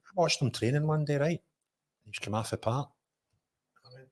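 A Scottish man hosting a podcast, telling an animated anecdote in casual chat, with some swearing. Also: medium pitch, normal speed.

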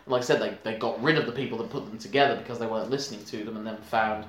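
A man's voice: lowish voice, steady tone, racing, a little hiss or hum. Rambling man in an echoey room. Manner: rambling, restarts often, laughs a lot. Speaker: podcast co-host. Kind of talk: casual film chat.

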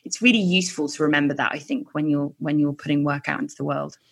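A woman in her thirties speaks as a guest in an interview. Her voice sits low, and she talks in a chatty, candid, self-deprecating way, swearing now and then. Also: steady tone, fast talker, creaky. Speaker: guest, writer and podcaster.

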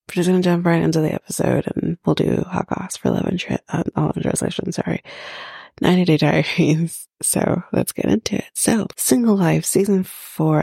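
A woman's voice: fairly low pitch, vocal fry, mellow, slightly rough, no echo, clean studio sound. A woman hosting a podcast, recapping a reality show in casual chat, blunt and mocking, swearing freely. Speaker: podcast host.

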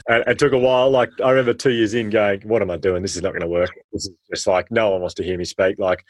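An Australian man, a former teacher, telling stories with animated, slangy energy in an interview. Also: lowish voice, fast talker, dry recording. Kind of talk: storytelling in a podcast interview.

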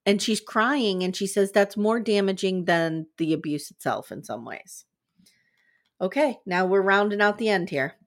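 A young adult woman co-hosting a talk podcast, recounting a story step by step in an earnest, conversational way. Her voice sits at an ordinary middle pitch, neither high nor low. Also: animated, moderate pace. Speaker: podcast co-host. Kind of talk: casual recap chat.

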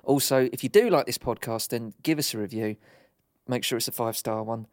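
A man's voice: medium pitch, fairly quick. A man co-hosting a relationship podcast with his wife in casual, joking chat. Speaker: podcast co-host.

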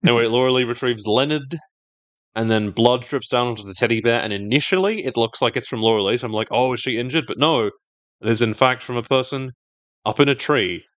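Podcast co-host, male, mid pitch, dry close sound, sardonic recapper. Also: brisk, a bit bright, no room sound. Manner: wry, sardonic, talkative. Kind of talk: casual TV recap chat.

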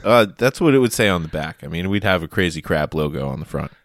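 Very deep-voiced man in playful banter. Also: lively intonation, dry recording, clean studio sound. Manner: quick-witted, playful banter. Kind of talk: casual chat.

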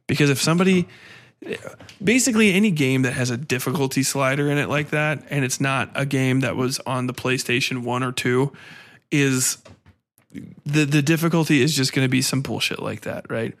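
A man's voice: medium pitch, a little fast. Profane, ranting male podcast host. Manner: profane, animated, ranting with frequent restarts. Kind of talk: casual solo podcast rant.

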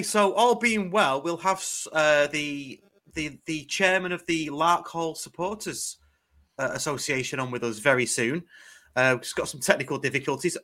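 English male co-host, bright edge, raised pitch, easy halting chat. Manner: laid-back, hesitant with fillers. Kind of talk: casual podcast chat.

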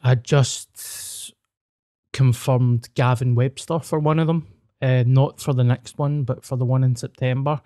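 A man's voice: mid-range voice, steady tone, unhurried, mellow, no room sound, clean studio sound. A Scottish man hosting a podcast, chatting in a laid-back, sweary way. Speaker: podcast host and comedian. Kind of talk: casual chat.

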